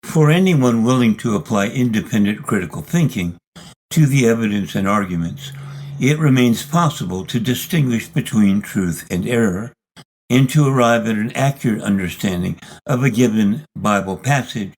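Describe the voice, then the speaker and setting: A man reading a scripted lesson narration in a measured, deliberate, argumentative way. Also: fairly low pitch, expressive, darkish tone, rough recording. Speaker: video series narrator.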